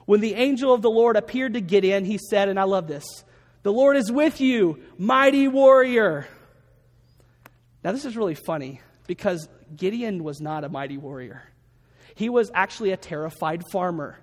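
A man with a high voice preaches as pastor, speaking a little fast while he tells a story and mimics the people in it. The recording carries a long reverb.

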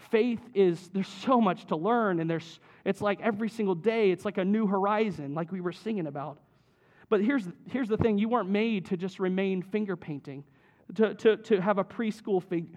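A man with a fairly high voice preaches a sermon in a relaxed, conversational way. He tells stories with frequent restarts and friendly asides to the congregation. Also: lo-fi sound. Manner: casual, animated storytelling with many restarts. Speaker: pastor.

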